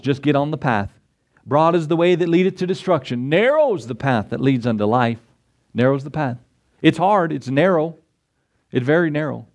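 A man's voice: fairly high pitch, a little mellow. A man preaching a sermon as pastor, emphatic and full of rhetorical questions, acting out the voices he quotes.

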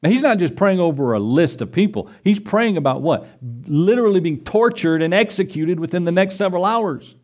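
A middle-aged pastor giving a sermon, climbing to a high, urgent pitch as he presses his points and briefly acts out the voices of biblical figures. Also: expressive, fairly quick, a little mellow.

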